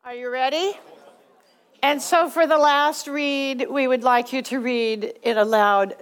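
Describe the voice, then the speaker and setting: A woman's voice: sits high, fairly even intonation, unhurried, clean tone, some chatter behind. Patient woman teaching a class. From Southern California. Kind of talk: classroom instruction.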